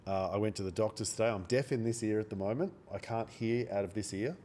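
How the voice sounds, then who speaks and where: A man with a cold, talking quietly and bluntly into a close microphone during a day-trading live stream, swearing now and then. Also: on the low side, fast, a little hiss or hum. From Australia. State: has a cold. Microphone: microphone held very close.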